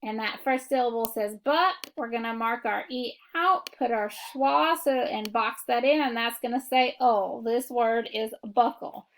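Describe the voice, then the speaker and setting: Teacher, female, slightly high voice with some fry, slow patient phonics delivery. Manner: slow, deliberate instructional delivery. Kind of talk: phonics lesson for children.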